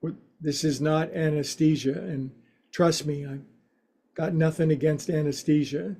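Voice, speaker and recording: A man teaching a yoga class, guiding stretches with slow cues and playful, folksy quips. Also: on the high side, steady tone, creaky, mellow. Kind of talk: guided yoga class instruction.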